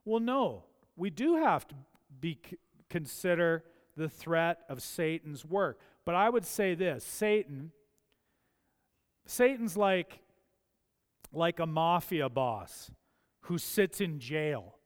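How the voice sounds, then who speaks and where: A man preaching a sermon, emphatic and building to forceful peaks. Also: a little high, lively intonation, takes it slowly. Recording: long church hall reverb.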